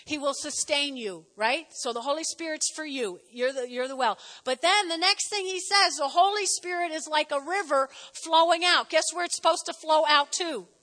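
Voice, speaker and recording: A middle-aged woman pastor with a New Jersey accent preaching a lively sermon, calling on the congregation to repeat phrases back. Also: high-pitched, moderate pace, hardly any pauses. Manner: lively, animated preaching with audience call-and-response. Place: church hall. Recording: reverberant hall.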